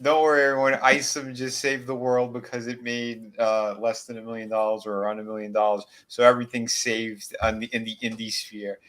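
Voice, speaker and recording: Sarcastic swearing co-host. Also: male voice, medium pitch, flat delivery, brisk, few pauses, a bit bright. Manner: sarcastic, profane. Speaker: podcast co-host, toy collector. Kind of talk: casual chat.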